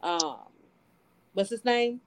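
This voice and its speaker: A woman's voice: mid-range voice, animated, takes it slowly, a little hiss or hum. Emphatic, indignant woman in a chat. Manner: indignant, emphatic fan, asks questions. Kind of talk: casual chat.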